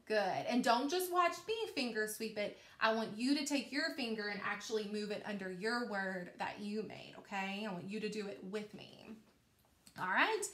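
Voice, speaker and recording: Woman teacher, phonics lesson for kids, bright voice, encouraging, stretches sounds, echoey room. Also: mid-range voice, lively intonation, normal speed. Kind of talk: recorded phonics lesson for young children.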